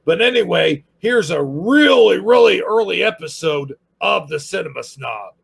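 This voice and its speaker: Man, casual review host, sarcastic, rambling, very gravelly and husky voice, slow talk. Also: high-pitched, very animated. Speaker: channel host reviewing YouTube channels.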